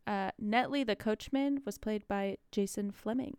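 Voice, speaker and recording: A woman's voice: medium pitch, normal speed, clean tone, no echo. A woman co-hosting a casual podcast, recapping a movie with frequent laughs. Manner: laughs often, chatty and relaxed. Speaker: podcast co-host.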